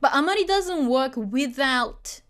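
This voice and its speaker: A woman's voice: high-pitched, expressive, unhurried, a bit bright. A woman teaching a beginner Japanese lesson, chatty and full of fillers, often checking that the learners follow.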